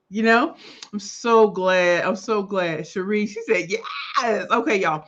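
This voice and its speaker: Animated woman hosting a livestream. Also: mid-range voice, a little slow, lo-fi sound. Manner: animated, greets viewers by name, slangy. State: tired. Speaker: livestream host. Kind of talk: casual livestream chat.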